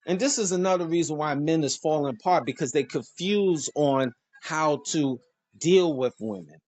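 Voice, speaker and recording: A man hosting a casual monologue, preachy and animated, joking and laughing at his own lines. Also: on the high side, normal speed. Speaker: host.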